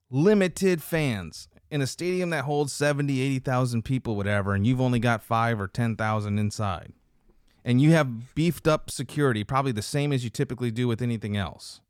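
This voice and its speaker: A man's voice: mid-range voice, no room sound, studio quality. A man chatting casually on a podcast, retelling a commercial in a rambling way. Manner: rambling storyteller, acts out quotes. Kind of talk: casual chat about commercials and football.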